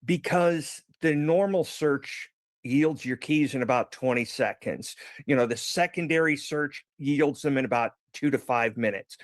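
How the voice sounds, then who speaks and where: Calm man explaining with an analogy. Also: medium pitch, measured pace, no echo. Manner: patient, explains step by step with everyday analogies. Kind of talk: explanatory commentary.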